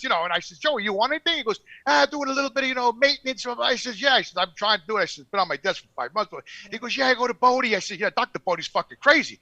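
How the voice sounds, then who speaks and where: Loud, cursing older man. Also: very high-pitched, no echo, highs cut off. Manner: loud, profane, rambling anecdotes. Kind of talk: casual storytelling.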